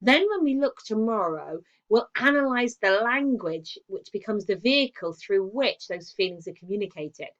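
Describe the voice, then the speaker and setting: A woman's voice: medium pitch, animated, normal speed, hardly any pauses, highs cut off. A woman English teacher giving a recorded lesson. She explains step by step, asks the class questions and praises their answers.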